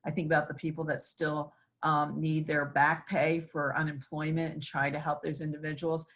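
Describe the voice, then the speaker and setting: A middle-aged woman with a low-pitched voice answers interview questions as a state senator. She talks earnestly, with plenty of ums and restarts. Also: level tone, normal speed, a bit bright. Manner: earnest, with many fillers.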